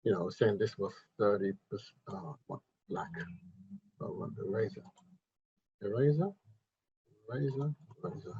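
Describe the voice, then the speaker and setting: A man's voice: on the low side, lively intonation, normal speed, long pauses, warm tone, slightly rough. Rambling man, muffled sound. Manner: rambling, repeats himself, self-corrects. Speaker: crypto investment channel host. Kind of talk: casual explainer at a drawing board.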